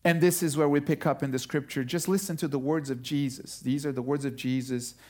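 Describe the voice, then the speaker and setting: A male pastor delivers a sermon, telling the story with lively energy. He stretches key words and leans into them for emphasis. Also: fairly high pitch. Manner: animated storytelling, slowing down for emphasis.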